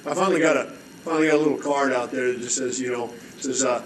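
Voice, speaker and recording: A middle-aged man telling a story as a guest, animated, with frequent restarts and throat-clearing. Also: mid-range voice, fast talker, a little hiss or hum. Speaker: rescue mission director, guest. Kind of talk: storytelling, conversational preaching. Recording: echoey room.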